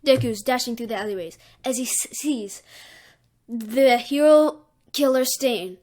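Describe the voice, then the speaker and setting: A woman's voice: on the high side, unhurried, darkish tone. Woman rambling through a fan story. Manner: rambling, filler-heavy. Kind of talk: improvised fan story narration.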